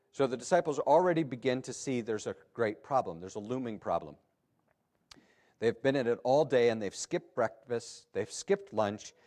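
Man, pastor, sermon, lively swooping pitch, emphatic rises and drops.

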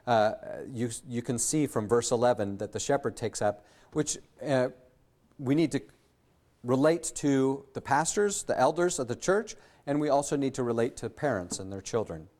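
A man preaching an earnest sermon as a pastor, often pausing with fillers and restarting his sentences. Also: mid-range voice, a little mellow.

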